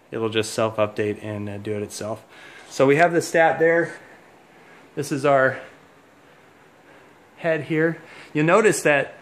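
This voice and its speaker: A man giving a casual walkthrough of a home install, chatty and a little out of breath, explaining as he walks. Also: mid-range voice. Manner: chatty, explains on the move with many fillers. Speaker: heating contractor giving a walkthrough. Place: house, indoors and outdoors.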